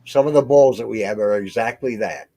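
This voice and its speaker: A man's voice: on the low side, brisk, dark tone, no room sound. An older man in a casual video call chat, teasing his friends and laughing often.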